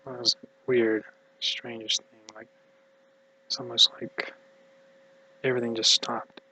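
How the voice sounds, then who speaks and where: An exhausted male vlogger rambles through a personal monologue in a mumbly, halting way, his hushed voice often drifting into near-whispers. His medium-pitched voice has a bright edge but a flat delivery with almost no rise and fall. The audio is poor, with a faint hum underneath.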